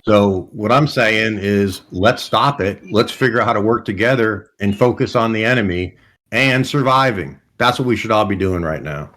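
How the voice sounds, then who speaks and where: A man's voice: lowish voice, normal speed, a bit bright, lightly acted. A man voicing an earnest adult male survivor in a tabletop game, making a blunt, persuasive plea for peace.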